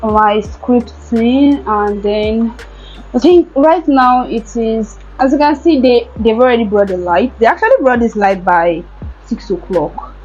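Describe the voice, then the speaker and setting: A woman's voice: a little high, unhurried, darkish tone, lo-fi sound, slight background noise. A young woman, chatting casually and giggly in a home vlog. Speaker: vlogger.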